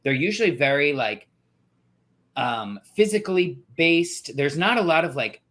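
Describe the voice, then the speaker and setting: A man's voice: a little high, expressive, a little slow, fairly bright tone. A man guesting on a podcast in casual chat, full of "like" and "um". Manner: talks in loose fillers, lots of "like" and "um".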